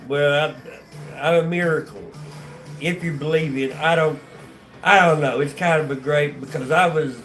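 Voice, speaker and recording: A man's voice: a little high, steady tone, normal speed, a bit bright, soft background music. A man with a North Carolina accent telling his life story on a casual livestream, rambling and profane, with many restarts and fillers. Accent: North Carolina Southern.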